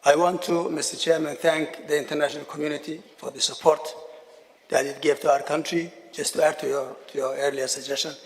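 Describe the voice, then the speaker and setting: A man, a government minister, giving a formal conference speech, measured and repeating key phrases for emphasis. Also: fairly high pitch, level tone. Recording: long reverb of a large hall.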